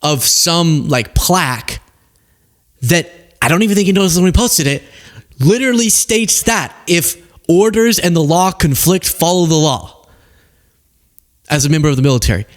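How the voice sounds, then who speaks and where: A man hosting a show of casual political commentary, talking in a sarcastic, emphatic way with quick asides. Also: on the high side, animated.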